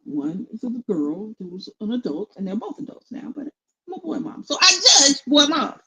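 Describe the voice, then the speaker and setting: A middle-aged woman co-hosting casual commentary, blunt and opinionated in a steady, even tone. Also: fairly high pitch, normal speed, low-quality recording. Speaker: co-host.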